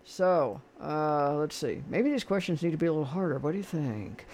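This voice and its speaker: A man's voice: fairly high pitch, animated, moderate pace, a little mellow. A man hosting a call-in radio show, chatting bluntly and opinionatedly with callers and running a quiz. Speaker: radio host.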